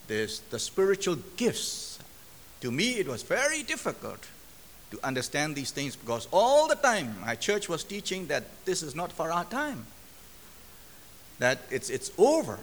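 A man's voice: fairly high pitch, fairly bright tone, a little hiss or hum. A male preacher from Myanmar, telling his testimony in a sermon and acting out the quoted dialogue. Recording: long hall reverb.

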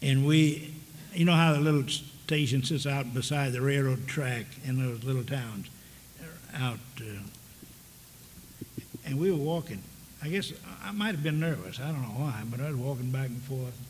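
An older man preaching a storytelling sermon in a folksy, halting way, full of restarts. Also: mid-range voice. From American South. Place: large church hall with audience. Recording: long reverb of a big hall, faint background noise.

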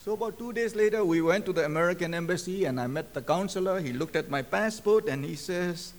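Lively high-voiced male preacher. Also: normal speed. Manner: storytelling, acting out quoted dialogue. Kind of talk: sermon testimony. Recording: long hall reverb.

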